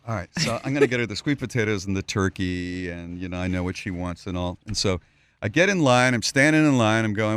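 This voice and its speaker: A middle-aged man hosting a radio talk show, telling a story in an animated way and acting out the voices of the people in it. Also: on the low side, a little fast, smooth, no room sound. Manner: animated, acts out voices in anecdotes.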